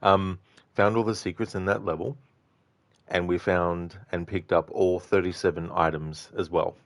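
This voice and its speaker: While streaming a game, a man reads out viewer messages in a casual chat, full of fillers and easy laughter. His low-pitched voice stays steady at a normal speed, and the recording is dry.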